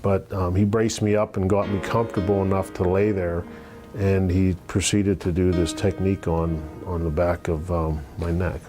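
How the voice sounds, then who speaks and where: A middle-aged man giving a halting testimonial in an interview, with many fillers and restarts. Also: sits low, level tone. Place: office. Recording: guitar music playing clearly underneath.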